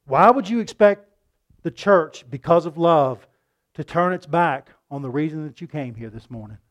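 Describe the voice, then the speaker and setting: With a slightly high voice and lively intonation, a man preaches at a moderate pace, passionately asking the room rhetorical questions as his delivery shifts between loud and hushed.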